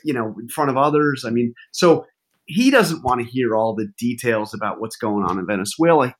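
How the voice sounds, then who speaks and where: In casual interview storytelling, this man, a journalist guest, talks fairly quickly in a mid-range voice. His telling is lively, full of fillers and frequent restarts.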